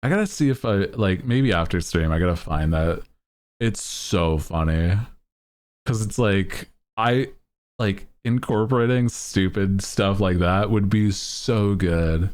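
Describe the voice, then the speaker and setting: A man's voice: sits low, a little slow, a little mellow. A man streaming, chatting casually and laughing often as he rambles.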